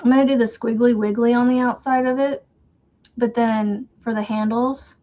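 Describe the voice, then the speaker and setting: A woman's voice: on the high side, fairly even intonation, a little fast, dark tone, lo-fi sound. A woman with a faint Southern American accent, hosting a crochet livestream and chatting casually with viewers, rambling and laughing often.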